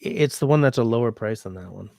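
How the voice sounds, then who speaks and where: Gravelly-voiced sick man chatting on a livestream. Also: mid-range voice, animated, fast, a little mellow, dry recording. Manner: rambling, chatty, easygoing. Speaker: livestream host. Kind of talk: casual livestream chat, reading viewer comments.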